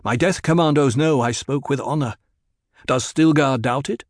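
A man's voice: medium pitch, normal speed, dry recording, studio quality, natural voice. A man voicing a resolute young male duke turned desert leader in an audiobook reading, speaking firmly and with command. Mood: earnest. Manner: firm and commanding.

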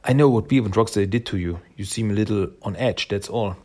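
Man reading a tough comic turtle girl, blunt, husky. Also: lowish voice, quick pace, warm tone, natural voice. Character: edgy young female mutant turtle.

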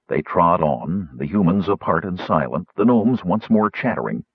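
A male audiobook narrator with a low, husky voice who reads with a very lively, expressive rise and fall. The recording is close and dry with no room sound, and the sound is a little dull. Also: no echo. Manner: expressive, voices each character.

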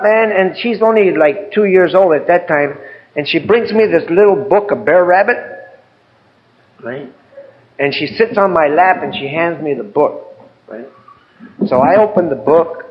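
A man's voice: high-pitched, highs cut off. An older man giving a heartfelt, rambling personal testimony about his recovery, often adding "man" and "you know". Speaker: recovery speaker.

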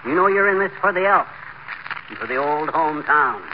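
An actor playing a boastful, wisecracking small-town blowhard with folksy, brash talk, in a radio comedy. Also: male voice, on the high side, animated, brisk, lightly acted. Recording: muffled old radio broadcast with hiss.

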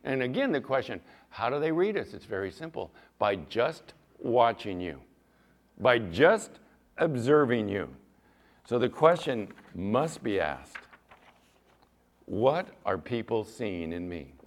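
Animated man preaching a sermon. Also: mid-range voice, slow. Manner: animated, swings from loud emphasis to soft asides. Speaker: pastor. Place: church.

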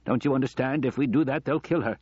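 A man voicing a panicked male doctor and father who shouts and snaps at his wife, in a dull lo-fi audiobook recording. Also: medium pitch, expressive, fast, slightly rough, no room sound. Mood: agitated. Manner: loud, agitated, snapping.

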